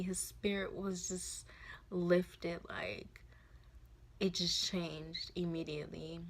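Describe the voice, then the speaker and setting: A woman in her twenties tells a personal story in a casual vlog, speaking softly and haltingly with many fillers. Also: fairly low pitch. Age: 20s. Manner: soft, halting, full of fillers. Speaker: vlogger.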